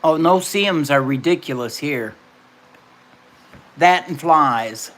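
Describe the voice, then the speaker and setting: A woman's voice: low-pitched, animated, takes it slowly. An older woman hosting a casual livestream from home, chatting and answering her viewers' comments by name. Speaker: livestream host.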